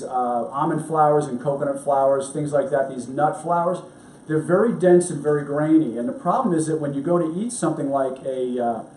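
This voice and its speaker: A man's voice: on the high side, darkish tone, recorded from a distance, a little hiss or hum. A middle-aged man from New York, a doctor hosting a health show, talking in a chatty, rambling, upbeat way at home in his kitchen. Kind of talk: casual cooking and health talk. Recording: echoey room, voice off-mic.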